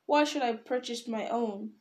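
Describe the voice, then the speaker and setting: A woman's voice: a little high, moderate pace, roomy sound, natural voice. A woman reading aloud, voicing a proud, wrathful male dwarf king who raises his voice in anger. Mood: stern. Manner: loud, angry outbursts.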